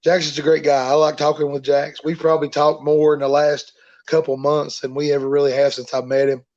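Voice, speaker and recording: A man's voice: fairly high pitch, little pitch movement, brisk, a little mellow, lo-fi sound. A man, a professional wrestler, telling stories in a rambling, folksy way during an interview. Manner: rambling, repeats himself, folksy. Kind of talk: casual storytelling in an interview.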